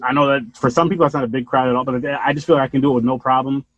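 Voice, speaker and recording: Husky guy hosting his podcast, rambly chat, dull dry sound. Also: medium pitch, very fast, dry recording. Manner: rambling, animated, swears casually. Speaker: podcast host.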